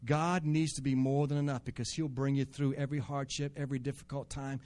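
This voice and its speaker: A man preaching a sermon, climbing to loud, fervent peaks and then dropping back to quiet, conversational talk. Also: mid-range voice, flat delivery, brisk.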